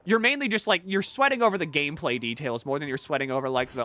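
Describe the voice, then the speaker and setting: Male streamer, rambling casual chat, bright tone, very lively pitch. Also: fast, hardly any pauses. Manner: rambling, excitable, swears freely.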